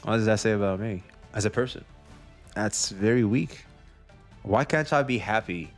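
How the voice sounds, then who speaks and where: A man's voice: fairly low pitch, normal speed, faint music behind. A man streaming commentary on online drama, talking casually with lots of profanity and acting out what others say. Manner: animated, profane, acts out others in quoted voices.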